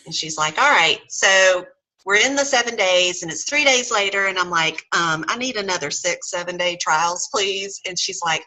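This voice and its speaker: A middle-aged woman chats through a personal story in a relaxed interview. Her voice sits a bit low, with a bright, forceful edge. She slips into the voices of the people she quotes. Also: normal speed, low-quality recording. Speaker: guest sharing her story. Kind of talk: casual interview chat.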